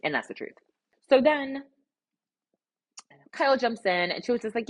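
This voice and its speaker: A young adult woman with a fairly high, animated voice recaps a reality show at a moderate pace. Her casual commentary is sassy and sprinkled with exasperated asides.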